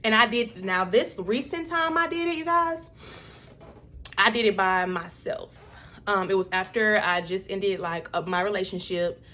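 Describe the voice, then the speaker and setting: A woman's voice: mid-range voice, moderate pace, bright, forceful tone. A young adult woman telling a personal story to her viewers in a loose, chatty way, full of "like" and "y'all". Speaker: vlogger. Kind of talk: casual storytelling.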